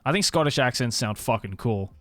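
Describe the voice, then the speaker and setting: Animated man with a mild Australian accent. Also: medium pitch, fairly quick, no room sound, faint music behind. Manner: animated, laughs often, swears casually. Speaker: streamer. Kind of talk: casual chat with viewers. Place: home stream room in Tokyo.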